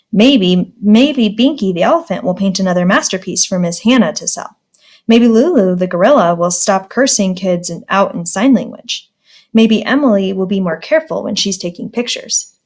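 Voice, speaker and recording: Woman reading a storybook aloud to kids. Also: medium pitch. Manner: friendly, plain reading with restarts. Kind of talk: children's storybook read-aloud.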